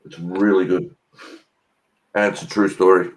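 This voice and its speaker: A man's voice: deep voice, little pitch movement, a little slow, poor audio. Brash, swearing Australian man. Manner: swears freely, brash storytelling. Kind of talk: casual chat.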